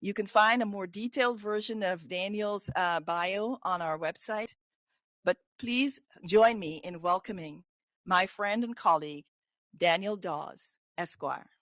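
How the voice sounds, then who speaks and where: A woman's voice: medium pitch, unhurried, fairly bright tone, no echo. Woman reading a formal introduction, dry sound. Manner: reads a prepared bio with small slips.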